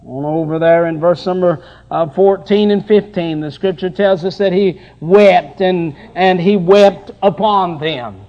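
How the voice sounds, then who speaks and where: A middle-aged man preaching a sermon with passion, dropping at times to soft, tender passages. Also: high voice, unhurried, muffled recording.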